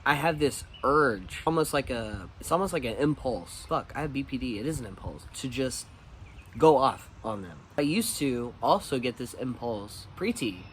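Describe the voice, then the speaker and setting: A man speaks candidly straight to camera, blunt and unfiltered, with swearing mixed into casual talk. His pitch sits in an ordinary middle range for a man. A faint hum of noise runs under the voice, as if recorded in a vehicle. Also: lively intonation, moderate pace. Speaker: vlogger. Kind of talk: casual vlog monologue.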